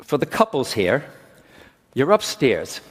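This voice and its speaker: Middle-aged man, chatty conference speaker with a lively, bouncing delivery, long hall reverb. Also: mid-range voice, slow, husky. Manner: chatty, keeps checking in with the crowd. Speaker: medium teaching a workshop. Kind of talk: conference talk to a live audience.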